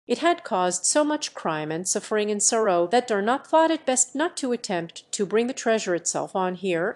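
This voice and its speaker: A strong jungle-raised man speaks in plain, even statements, as a synthetic woman's audiobook voice reads him. His lines are calm and direct at a mid pitch. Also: close to an everyday voice.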